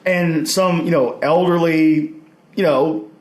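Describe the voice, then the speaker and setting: A man's voice: fairly high pitch, steady tone, takes it slowly, echoey room. A man from Mississippi without a regional accent, chatting as a podcast guest in a rambling way with many restarts. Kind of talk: casual interview chat. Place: expo hall.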